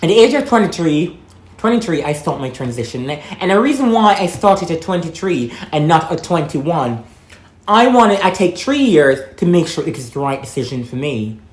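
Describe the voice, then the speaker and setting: A woman's voice: low voice, big pitch swings, normal speed, darkish tone. A young trans woman from Jamaica, vlogging in a blunt, outspoken casual monologue, swearing freely and talking while eating. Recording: echoey room.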